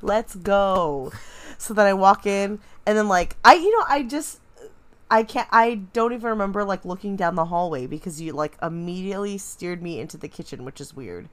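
A woman's voice: medium pitch, animated, a little fast. Chatty woman eager to tell her side. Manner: chatty, interrupts to take over the story. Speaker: guest, host's fiancée. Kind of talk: casual chat.

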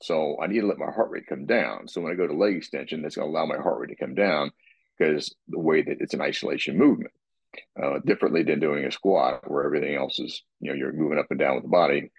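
Very deep husky man, rambling. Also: quick pace, no echo, highs cut off. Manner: rambling, with repeated restarts and throat clearing. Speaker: guest describing his workout. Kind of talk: casual podcast talk.

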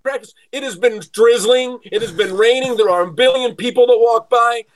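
A middle-aged sports agent telling lively stories in casual chat, laughing often. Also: male voice, extremely high pitch, normal speed, low-quality recording. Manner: animated storyteller, laughs often.

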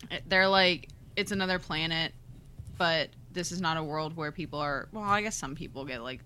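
A woman's voice: sits low, normal speed, pushed and bright, a little hiss or hum. A woman co-hosting a book podcast in casual chat, gushing and laughing often. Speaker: podcast co-host.

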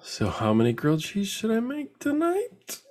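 A man in his thirties chatting casually about his kids, swearing often and acting out their lines. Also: moderate pace. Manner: animated storytelling, acts out his kids in high voices, swears a lot. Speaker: father and podcast host. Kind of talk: casual chat.

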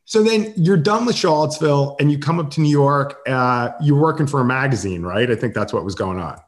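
A man's voice: mid-range voice, lively intonation, brisk. Friendly teasing male interviewer. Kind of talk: casual interview.

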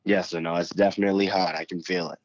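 A teenage boy answering interview questions politely and a bit hesitantly, saying "sir" and pausing often with "um". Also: sits low, flat delivery, no echo. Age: teens. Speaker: guest, high school quarterback.

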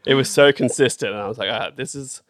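An Australian man in casual podcast banter, his voice at an ordinary middle pitch. He teases in a deadpan way, and his lines often fade off quietly. The recording is dry and close. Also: fast talker, dry recording. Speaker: podcast co-host. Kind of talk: casual chat.

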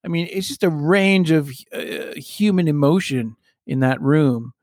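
A man's voice: a little high, measured pace, darkish tone, no echo, studio quality. A man in casual conversation as a podcast co-host, musing and rambling with playful banter. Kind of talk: casual chat.

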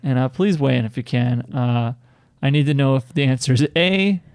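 Easygoing young man, smooth dry voice. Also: medium pitch, moderate pace, darkish tone, no echo. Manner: easygoing, joking, laughs often. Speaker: podcast co-host. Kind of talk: casual banter.

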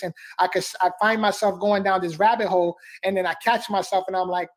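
A man with a high-set voice talks with fervent, motivational energy as a podcast guest. He circles back on his phrases and keeps calling the host bro and man. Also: fairly even intonation, fairly quick, few pauses.

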